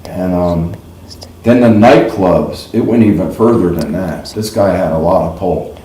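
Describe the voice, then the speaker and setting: Chatty middle-aged man, low voice, roomy echo. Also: a little slow, dark tone, a little hiss or hum. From New York / New Jersey. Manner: chatty, folksy, laughs at his own stories. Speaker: livestream host. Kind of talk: casual rambling storytelling.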